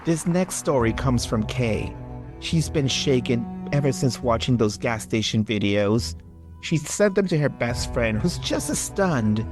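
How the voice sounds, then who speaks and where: A man co-hosting a horror podcast, chatting casually and reading a listener story aloud with theatrical pauses and jokey asides. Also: medium pitch, lively intonation, over music. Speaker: podcast co-host.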